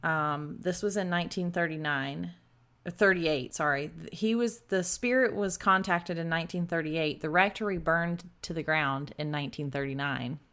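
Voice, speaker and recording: A woman with a slightly low voice tells a ghost story to her co-host, chatty and relaxed. She fills pauses with ums and corrects herself as she goes. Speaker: podcast co-host. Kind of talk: casual storytelling chat.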